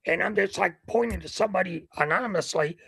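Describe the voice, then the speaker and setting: An older man with a gravelly, husky voice, a ring announcer telling stories as an interview guest and acting out the scenes. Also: sits high, fast talker, dry recording, poor audio. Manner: lively storyteller who acts out scenes. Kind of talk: animated anecdote telling.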